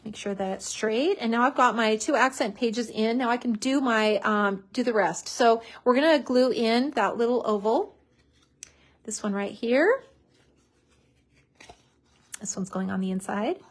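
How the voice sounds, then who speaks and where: A woman's voice: a little high, unhurried, pauses often. Bubbly woman hosting a craft tutorial. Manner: chatty and bubbly, with many fillers.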